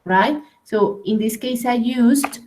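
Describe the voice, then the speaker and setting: Slow hesitant woman teaching grammar. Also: a little high, darkish tone, slight background noise, low-quality recording. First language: Spanish. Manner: slow, hesitant, frequent "right?" checks. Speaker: English teacher. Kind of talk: online grammar class.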